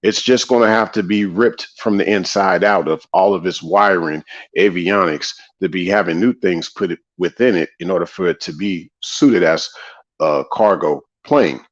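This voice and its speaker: A man hosting a casual livestream monologue, preachy and repetitive, greeting viewers in the chat between points. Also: sits low. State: tired after a long day. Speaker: livestream host. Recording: slightly dull lo-fi audio.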